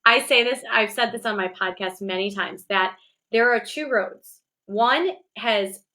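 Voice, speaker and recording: A woman's voice: a little high, unhurried, sharp tone. A woman guest on a livestream, speaking earnestly and reflectively about her work, often restarting sentences. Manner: reflective, self-correcting, earnest. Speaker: guest, business owner and coach. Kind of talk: casual livestream chat.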